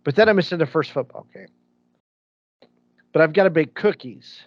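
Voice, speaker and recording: A man's voice: on the high side, lively intonation, normal speed, no room sound. A man co-hosting a podcast, chatting casually and rambling through stories with many restarts. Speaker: podcast co-host. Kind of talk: casual chat. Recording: dull lo-fi sound.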